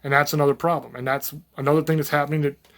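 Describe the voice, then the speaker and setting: A man's voice: a little high, steady tone, very fast, fairly bright tone. Blunt, profane man ranting to camera. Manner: blunt, profane, folksy, rambling. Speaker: channel host. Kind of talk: unscripted monologue to camera.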